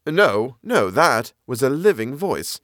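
A man reading as a curious wary gentleman. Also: medium pitch, big pitch swings, slow pace, dry recording, studio quality. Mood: uneasy.

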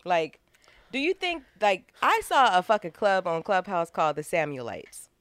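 A woman co-hosting a casual chat, animated and profane, quick to laugh. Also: lowish voice, dry recording. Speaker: podcast co-host.

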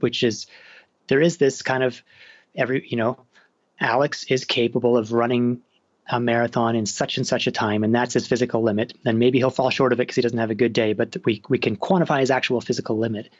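A man's voice: medium pitch, steady tone, brisk, no room sound. A man with a Canadian accent, an author talking casually in an interview, often restarting his sentences. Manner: chatty, self-interrupting with restarts. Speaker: author guest. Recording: dull dry sound.

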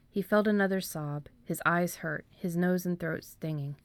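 A woman, an author, reading her own story aloud in a measured way and then chatting about it with hesitant fillers. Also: lowish voice, fairly even intonation, dry recording. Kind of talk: storybook narration, then casual chat.

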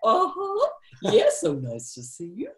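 A woman doing an impression of a cheery comedienne talking to her audience, in a high, sing-song, drawn-out voice. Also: huge pitch swings, echoey room, full character voice.

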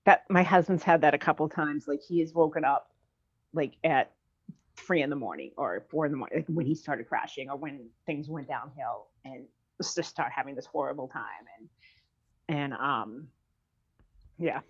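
A woman guest in a candid talk about grief, chatty and quick to laugh as she tells stories. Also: deep voice, slightly rough. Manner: chatty, laughs often while telling stories. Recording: dull lo-fi recording.

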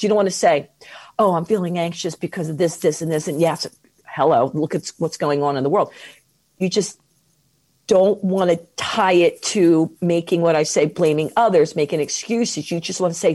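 A woman, a guest on an interview podcast, giving advice on mindfulness in an expressive, animated way, slowing down to stress key points. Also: fairly low pitch. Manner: expressive, animated, slows down for emphasis.

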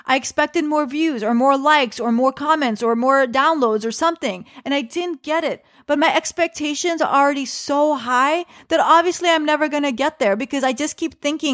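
A high-voiced woman hosts an advice podcast in a chatty, casual way. She talks straight to the listener and keeps asking rhetorical questions. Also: normal speed, hardly any pauses, a bit bright. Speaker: podcast host, comedian.

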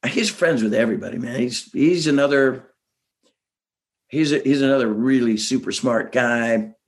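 A man's voice: medium pitch, normal speed. A man, a musician guest, telling stories in a rambling way with many restarts and chuckles. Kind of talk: casual interview storytelling.

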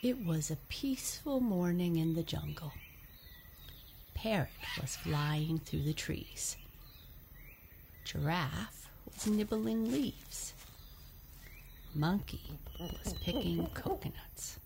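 Woman narrating a bedtime story, low, whispery, very slow. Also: creaky, slight background noise. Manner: soft, half-whispered.

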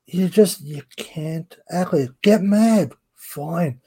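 Middle-aged man, blunt wrestling podcast chat, mellow tone, slightly raised pitch, swears freely. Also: slow, husky. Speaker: podcast co-host.

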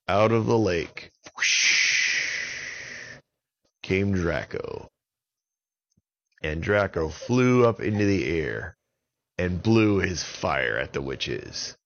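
A man telling a children's story in an unhurried, expressive way. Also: low-pitched, vocal fry, lo-fi sound.

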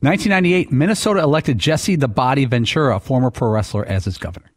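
A man's voice: medium pitch, fast, dry recording, clean studio sound. A man co-hosting a sports talk show, speaking in an enthusiastic, conversational way. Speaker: show regular, co-host.

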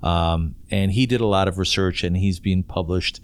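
A man's voice: low voice, fairly even intonation, moderate pace, clear, resonant tone, no room sound. A man hosting a casual interview, chatty and playfully teasing his guest with questions. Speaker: podcast host.

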